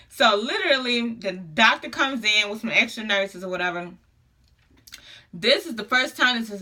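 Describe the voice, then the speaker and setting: A young woman vlogger, telling a personal story in casual, slangy, animated talk with frequent laughter. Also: medium pitch.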